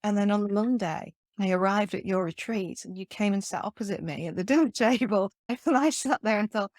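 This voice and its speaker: A woman's voice: mid-range voice, a little fast, hardly any pauses, a little mellow, dry recording. A woman hosting a podcast interview, talking earnestly and effusively with frequent restarts. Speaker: podcast host. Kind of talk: casual interview chat.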